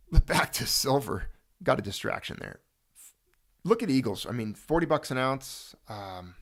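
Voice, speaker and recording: A man hosting a casual video chat, talking straight to viewers in a jokey, animated way. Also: mid-range voice. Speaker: host.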